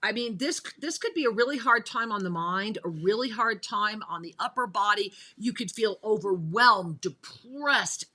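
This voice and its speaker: Bright, enthusiastic woman radio host. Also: mid-range voice, lively intonation, normal speed, few pauses. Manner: enthusiastic, addresses listeners directly. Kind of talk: spiritual talk radio discussion.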